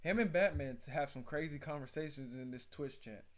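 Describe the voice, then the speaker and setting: A man hosting a livestream, casually joking and trash-talking with his chat in loud slang banter. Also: fairly high pitch, a little fast. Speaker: livestream reaction host.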